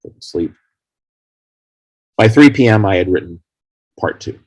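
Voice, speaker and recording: A man being interviewed as a guest, telling long rambling stories about making his film in a casual, animated way. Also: low voice, a little slow, breathy edge, dry recording. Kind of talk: casual anecdotal storytelling.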